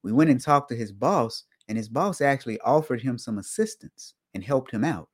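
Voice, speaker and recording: A man talking casually to his online audience as host, with a dry sense of humor. He repeats his key points and keeps his voice lively, often leaping up in pitch and loudness to stress a word, then dropping back down. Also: moderate pace, husky. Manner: animated, jumps up in pitch and volume for emphasis. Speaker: host of an online show for auditors. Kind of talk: casual live-stream talk.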